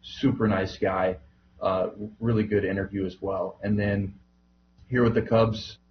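A man's voice: low voice, flat delivery, measured pace, dull audio, a little hiss or hum. A man talking casually on a podcast, easygoing and rambling with fillers. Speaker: minor league baseball broadcaster, podcast guest.

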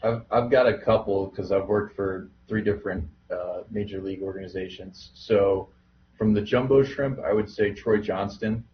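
A man's voice: fairly low pitch, dull audio, a little hiss or hum. A man talking casually on a podcast, easygoing and rambling with fillers. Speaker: minor league baseball broadcaster, podcast guest.

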